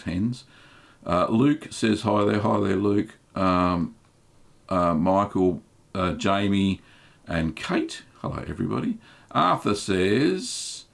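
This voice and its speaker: An Australian man with a gravelly voice on the low side hosts a live stream. He reads viewer chat aloud and answers questions in a relaxed, chatty way, saying "um" a lot.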